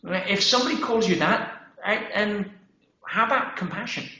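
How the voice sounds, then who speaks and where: A man's voice: high voice, normal speed. A male guest on a conversational interview, talking emphatically and often checking in with "yeah?" and "right?". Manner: emphatic, animated storytelling with acted-out quotes; peppers speech with "yeah?" and "right?". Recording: roomy, dull podcast audio.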